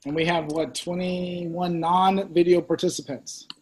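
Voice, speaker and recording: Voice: mid-range voice, little pitch movement, unhurried. A person chatting casually and cheerfully with attendees as they join a video call. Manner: chatty, laughing, upbeat. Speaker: call organizer. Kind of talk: casual chat greeting attendees. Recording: clearly noisy video call line.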